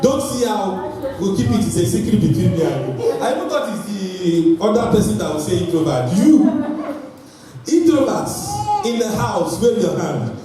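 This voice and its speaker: A man preaching an energetic sermon and calling on his congregation to respond. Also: high voice. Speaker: pastor. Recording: echoey hall, voice from far off, faint noise.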